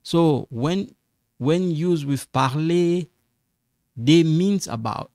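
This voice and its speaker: Slow, patient man teaching French. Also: a little high, darkish tone, no room sound, studio quality. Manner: slow, repeats examples with frequent "okay?" checks. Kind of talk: language lesson explanation.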